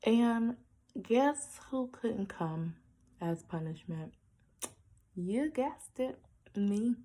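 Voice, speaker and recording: A woman's voice: on the high side, lively intonation, very slow, dark tone, poor audio. A young woman vlogger telling a personal story to her viewers in a blunt, sassy way.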